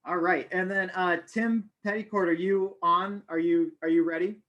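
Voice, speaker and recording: A man with a fairly high voice runs a memorial gathering over a video call. He thanks people politely and calls on the next speaker. His manner is plain and courteous. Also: steady tone, normal speed, dull audio. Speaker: memorial host.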